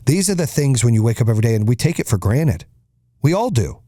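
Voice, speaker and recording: A man's voice: mid-range voice, big pitch swings, fast talker, warm tone, no room sound, studio quality. Blunt, cursing motivational man. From United States. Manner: blunt, profane, emphatic. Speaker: podcast host. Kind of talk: motivational monologue.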